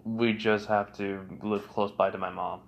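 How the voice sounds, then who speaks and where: A man's voice: on the low side, level tone, measured pace, gravelly, dull audio, voice pushed down. A man voicing an easygoing teenage boy in a plain, casual voice.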